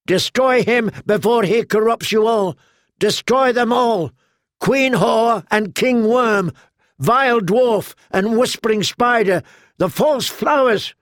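A man voicing a fanatical knight who shouts wild prophecies in a strained, high voice. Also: slow pace, dry recording, studio quality, exaggerated voice. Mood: raving. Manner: shouting, ranting and high-pitched.

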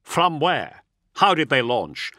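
A man's voice: mid-range voice, big pitch swings, slow, a bit bright, dry recording, clean studio sound, pitched above the performer's own voice. A man voicing a commanding, impatient male space marine captain with a clipped, imperious manner. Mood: urgent demanding.

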